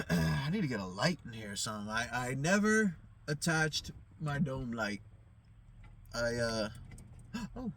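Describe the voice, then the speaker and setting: A man's voice: medium pitch, expressive, unhurried, creaky, long pauses, a bit bright. A man telling a heated, profanity-laden story, rambling with fillers, while sitting in a car at night. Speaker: vlogger. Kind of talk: casual storytelling to camera. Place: inside a parked car at night.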